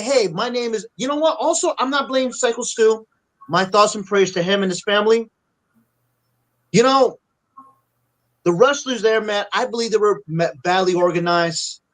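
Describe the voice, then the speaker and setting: A man's voice: sits high, a bit bright, low-quality recording. A middle-aged man on a wrestling podcast, ranting angrily and swearing freely. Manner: angry, profane ranting. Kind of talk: casual angry rant.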